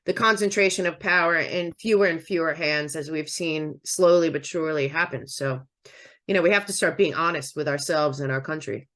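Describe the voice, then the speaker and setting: A woman's voice: low-pitched, a little fast, fairly bright tone. A woman from the Philadelphia area speaking as a podcast guest, emphatic and opinionated in her commentary. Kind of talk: political commentary in conversation.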